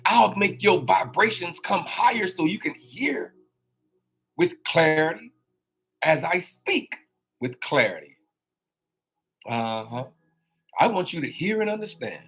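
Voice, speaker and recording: A man giving a folksy, preachy motivational talk as a life coach, husky-voiced and drawn out. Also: sits high, lively intonation, measured pace, pauses often, a bit bright. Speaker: life coach and show host. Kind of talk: casual motivational monologue.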